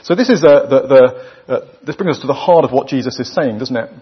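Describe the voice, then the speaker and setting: A man with a British accent preaching a sermon to a church, emphatic and full of rhetorical questions, leaving weighty pauses between his phrases. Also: mid-range voice, animated, husky. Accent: British English. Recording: dull lo-fi recording.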